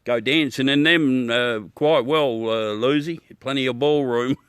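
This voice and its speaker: A man's voice: medium pitch, steady tone, a little slow, fairly bright tone, clear, resonant tone, no room sound. A middle-aged Australian man hosting a livestream, chatting casually with viewers, laughing, joking and swearing as he talks. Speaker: livestream host. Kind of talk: casual chat with live viewers.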